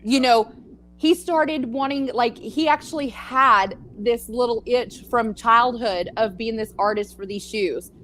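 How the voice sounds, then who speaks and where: A woman's voice: fairly high pitch, measured pace, fairly bright tone, a little hiss or hum. A middle-aged grandmother with a Texas accent, co-hosting a casual talk show and chatting in a rambling, easygoing way. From California. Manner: chatty, rambling, laughs easily. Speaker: podcast co-host. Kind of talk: casual chat.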